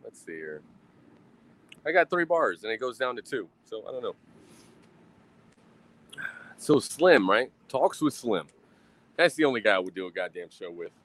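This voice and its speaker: A man's voice: lowish voice, sing-song, normal speed, pauses often, a bit bright, low-quality recording. A man hosting a casual livestream outdoors at a grill, talking in a profane, rambling, self-mocking way into a phone. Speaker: livestream host.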